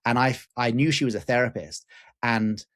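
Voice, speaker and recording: A man in his forties, a guest teacher, telling a personal story in an animated, candid way with casual swearing and fillers. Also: medium pitch, normal speed. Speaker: guest, lucid dreaming teacher.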